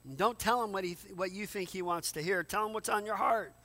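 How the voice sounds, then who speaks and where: Bright, high-voiced man preaching in a hall. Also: brisk. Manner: conversational, repeats words, asks rhetorical "right?". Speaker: pastor. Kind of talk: sermon.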